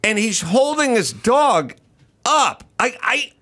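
A man's voice: very high voice, animated, takes it slowly, bright, forceful tone. A man hosting a podcast, telling a comic story in a profane, ranting way. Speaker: podcast host. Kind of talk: comedic storytelling chat.

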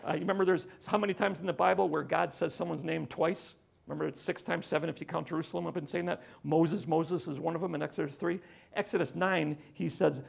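A man preaching a sermon as pastor, conversational, swinging from loud emphasis to hushed tones. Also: a little high, normal speed, creaky.

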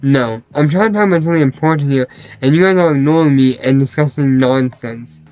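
A man voicing an angry young female classmate who demands to be heard, in a sharp, raised voice, over faint music. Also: medium pitch, brisk, natural voice, low-quality recording. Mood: annoyed. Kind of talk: visual novel voice acting.

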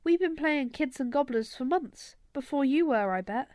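A woman's voice: high voice, lively intonation, moderate pace, a little mellow, no room sound, voice pushed up. A woman voicing a bold, bossy young girl who leads a gang of children.

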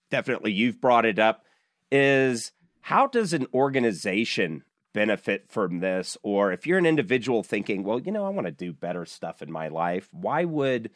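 A man's voice: medium pitch, very animated, moderate pace, a bit bright, no echo, clean studio sound. A man hosting a podcast, asking long, rambling questions in a friendly, upbeat way. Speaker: podcast host. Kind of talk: conversational interview.

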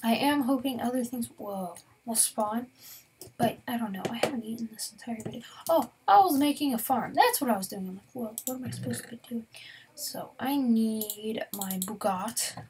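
A woman's voice: a little high, moderate pace, darkish tone, a little hiss or hum. A young woman casually talking viewers through a Minecraft game, chatty and often dropping into a whisper. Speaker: gaming YouTuber. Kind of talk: casual Minecraft let's-play commentary.

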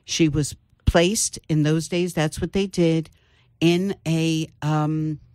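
An older woman, an author, telling her family story in an interview with thoughtful pauses. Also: low voice, fairly even intonation, a little mellow, no room sound. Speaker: author guest. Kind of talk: interview conversation.

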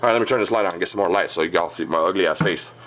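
Low-pitched and talking very fast with a fairly bright tone, the host of a haunted-doll channel lays into his commenters, swearing and combative. It's a casual vlog monologue shot on a camera on a stand. He's in a home room furnished with dolls and a crib.

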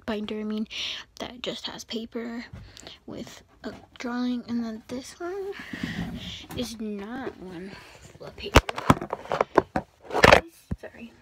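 A woman's voice: fairly high pitch, takes it slowly, pauses often. A woman vlogger chatting casually as she shows her things, rambling with self-corrections and often slipping into a whisper. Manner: drifts in and out of whispering. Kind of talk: casual closet tour chat. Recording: home recording with steady background noise.

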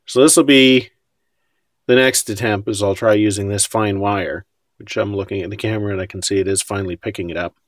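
A man's voice: lowish voice, fairly even intonation, brisk, no room sound, studio quality. A man casually talking through his scale model build, wry and self-deprecating about his mistakes.

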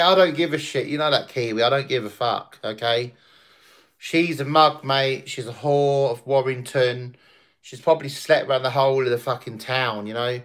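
A man's voice: mid-range voice, a bit bright. A man hosting a casual livestream, crude, swearing and boisterous. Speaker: livestream host.

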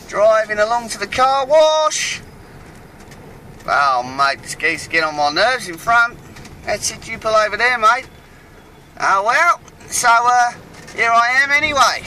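In a comic monologue from his moving van, a man plays a brash, mouthy Aussie tradie who rambles chattily, uses slang, and grumbles at other drivers. His high voice is very animated yet slow, bright and forceful, and heavily exaggerated. The audio is poor, with a little hiss or hum.

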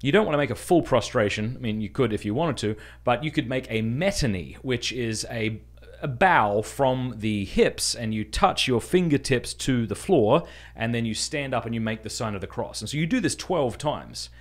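Male podcast host, mid-pitched, warm-hearted conversational teacher, earnest and easily amused. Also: expressive, normal speed. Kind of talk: casual spoken instruction.

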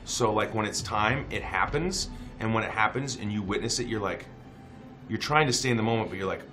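A man's voice: fairly low pitch, fairly quick, music in the background. A man guesting on an interview, chatting in a playful, jokey way and laughing often. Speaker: actor guest. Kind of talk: casual press junket chat.

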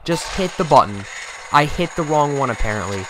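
The gaming channel host's voice runs on the high side here, expressive and at a moderate pace over background noise. He keeps swearing, joking and scolding the game character in exasperated running commentary.

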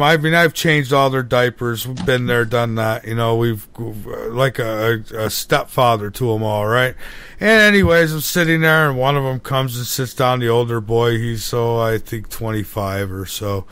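A middle-aged man hosting a talk radio show, telling a story excitably with many restarts. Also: mid-range voice, clean tone, no echo. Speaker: radio host. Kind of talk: casual talk radio chat.

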